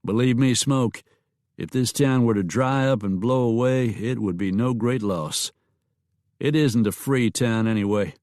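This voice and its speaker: A man's voice: mid-range voice, measured pace, a little mellow, dry recording, clean studio sound, natural voice. A man voicing a blunt, teasing small-town sheriff in a Western audiobook. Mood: plain. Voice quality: wry, blunt.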